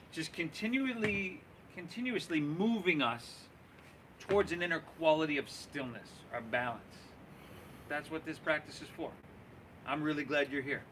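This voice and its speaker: Bright-voiced male yoga instructor. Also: on the high side, slight background noise. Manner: encouraging, cueing breaths and poses; relaxed, folksy, says y'all. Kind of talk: guiding a live yoga class.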